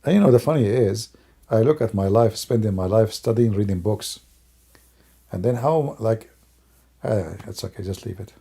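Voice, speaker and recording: A man whose first language is Arabic, hoarse from losing his voice, musing and rambling in broken English on a livestream. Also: on the low side, moderate pace, dark tone. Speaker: livestream host. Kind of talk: casual livestream talk.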